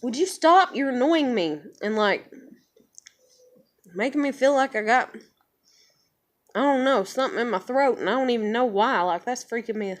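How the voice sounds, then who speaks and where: A woman's voice: on the high side, expressive, normal speed, long pauses. A woman vlogger venting to the camera in a casual, frustrated rant that is full of swearing. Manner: frustrated, heavily profane ranting.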